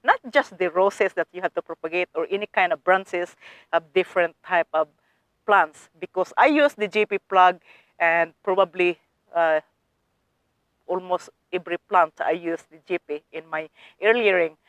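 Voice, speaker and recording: A woman's voice: lowish voice, moderate pace, a bit bright, no room sound. Eager woman gardener talking to viewers. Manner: eager, addresses viewers as guys, non-native phrasing. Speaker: gardening vlogger. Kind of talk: casual how-to demonstration.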